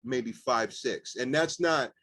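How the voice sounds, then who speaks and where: A young man, a rapper and guest, telling animated stories casually with lots of fillers and swearing. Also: mid-range voice, takes it slowly, a crowd in the background. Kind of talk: casual storytelling interview.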